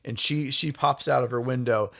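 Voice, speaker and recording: A man on a podcast telling a story in an animated, casual way, swearing freely. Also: mid-range voice, moderate pace, vocal fry. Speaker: podcast co-host.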